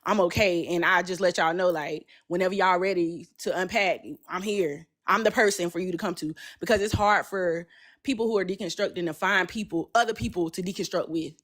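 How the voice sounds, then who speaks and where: A woman telling a personal story in casual chat, animated and passionate, acting out both sides of a conversation. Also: on the low side, brisk. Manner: passionate and loud by her own account.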